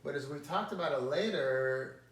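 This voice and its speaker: A man's voice: fairly high pitch, normal speed. Reflective man telling stories in an echoey room. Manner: reflective, storytelling. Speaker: married guest. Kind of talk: casual interview conversation. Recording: roomy echo, distant mic, faint noise.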